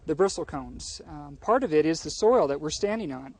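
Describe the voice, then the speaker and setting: A man guiding an interviewer through a high mountain forest outdoors, explaining things patiently in a friendly way. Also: animated, moderate pace, a little mellow. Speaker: local forest guide.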